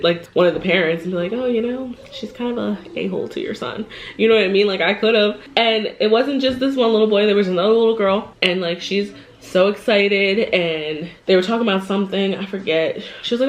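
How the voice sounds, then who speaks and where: A woman's voice: medium pitch, muffled recording. Chatty woman telling a story over a meal. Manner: chatty, animated, laughs often, acts out quoted voices. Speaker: vlogger. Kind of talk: casual storytime while eating. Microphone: camera mic.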